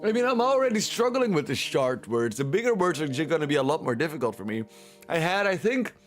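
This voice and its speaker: Dutch male streamer, casual playful commentary, high voice, light music bed. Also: big pitch swings, fast. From Netherlands. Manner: chatty, playful, repeats himself.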